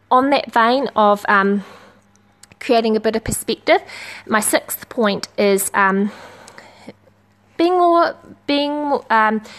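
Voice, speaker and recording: A woman talking casually and earnestly about parenting, with frequent fillers. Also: medium pitch. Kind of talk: casual advice talk.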